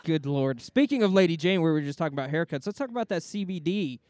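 Smooth-voiced joking male co-host. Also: on the high side, animated, darkish tone, no room sound. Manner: quick, joking reactions. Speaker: podcast co-host.

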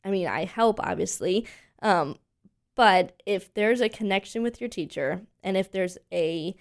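A woman in her twenties, a voice teacher from Pennsylvania, chatting as an interview guest and telling animated stories full of fillers. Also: medium pitch, a little slow. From Pennsylvania, USA. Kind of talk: casual interview chat.

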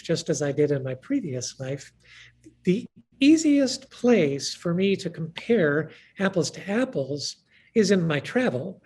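A woman's voice: sits low, a little hiss or hum. A woman guest speaker telling stories in conversation, acting out the dialogue with animation. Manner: animated, acts out quoted dialogue. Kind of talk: conversational storytelling.

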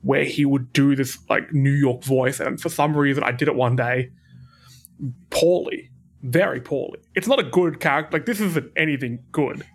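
A man hosting a podcast, chatting casually in a jokey, rambling way with quick bursts. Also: medium pitch, husky. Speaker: podcast host.

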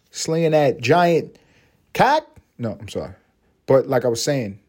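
A podcast host from Puerto Rico, of Puerto Rican background, delivers a crude, rambling comedy monologue, slipping into mocking voices and laughing. He has a mid-range, warm-toned voice.

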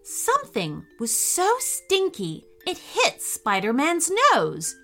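A woman hosting and reading a children's story, cheerful and expressive, with faint music behind her. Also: sits high, slow. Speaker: host and storyteller.

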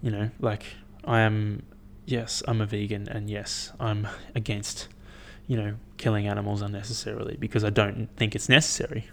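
A young man talking to camera in a casual, rambling monologue, blunt and swearing a lot as he thinks out loud. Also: on the low side, level tone, moderate pace, creaky, hardly any pauses, slight background noise. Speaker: vlogger.

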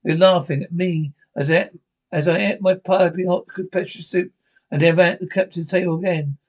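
A man's voice: high-pitched, steady tone, fairly quick, darkish tone. An actor playing a pompous, self-pitying male space officer in a television sitcom, with a whiny delivery. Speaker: sitcom character.

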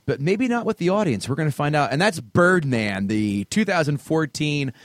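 Male podcast co-host with a Long Island accent, brash, profane banter, animated pitch, dry close mic. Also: normal speed, no room sound. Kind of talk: casual chat.

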